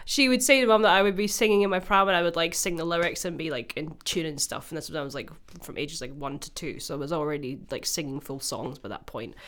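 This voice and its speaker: A woman's voice: low-pitched, fast, few pauses. A woman in her twenties with a Scottish accent, chatting and laughing often as a podcast co-host. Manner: giggly, animated storyteller. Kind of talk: casual chat.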